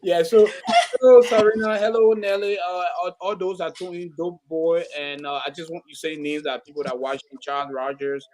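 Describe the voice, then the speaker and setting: A man's voice: high voice, fairly even intonation, fairly quick, a little mellow, slight background noise. A man hosting a casual live-stream panel chat, rambling with stammered restarts and frequent laughter. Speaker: host.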